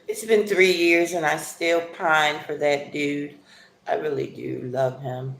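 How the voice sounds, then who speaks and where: A middle-aged woman with a fairly low voice chats casually on a livestream, rambling and playful, sometimes jumping up into animated asides. The sound is echoey, as if in a bare room. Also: measured pace, vocal fry. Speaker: livestream host. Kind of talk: casual live chat while eating breakfast.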